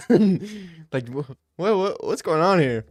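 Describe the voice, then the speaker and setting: Animated young man riffing crudely. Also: sits high, husky, no echo, studio quality. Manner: rambling, crude, quick to laugh.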